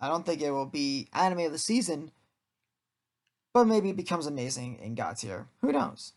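A man's voice: fairly high pitch, lively intonation, moderate pace, darkish tone. A man co-hosting a casual chat about anime, teasing and joking dryly.

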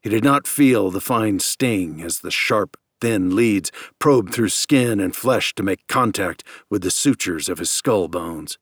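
A man in his fifties narrates an audiobook in a measured, even storytelling voice. His voice sits on the low side, and the close studio recording is dry with no room echo.

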